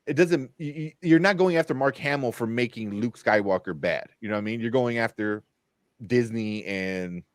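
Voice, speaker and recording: A man talks through a movie review on his podcast, rambling and laughing often. His voice sits at a middle pitch. The sound is dry and close, with no room around it. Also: moderate pace, dry recording. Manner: laughing, rambling with many fillers. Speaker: podcast host. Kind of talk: casual chat.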